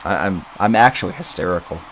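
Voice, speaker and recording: A young man hosting a casual livestream into a boom-arm mic. He giggles often, rambles, repeats words and mocks himself. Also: quick pace, a bit bright, slight background noise. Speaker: livestream host.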